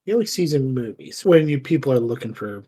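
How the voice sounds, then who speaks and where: A tabletop game player who talks hesitantly, breaking off with fillers. The voice is husky, at a middling pitch. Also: sing-song, a little fast, dark tone. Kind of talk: casual tabletop game play.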